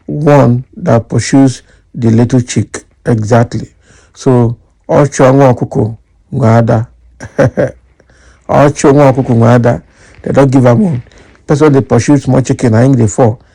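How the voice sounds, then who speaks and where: A Nigerian man reading out political news and then giving lively commentary, slipping into Nigerian Pidgin. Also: mid-range voice, gravelly. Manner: animated, mixes in Nigerian Pidgin.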